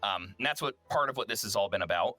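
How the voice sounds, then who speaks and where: A man chatting through a tabletop game session, circling back and restarting as he thinks aloud. His voice sits on the low side but sounds bright. It is recorded close and dry. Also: lively intonation, quick pace, dry recording, faint music behind. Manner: rambling, with many ums and restarts. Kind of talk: casual tabletop game chat.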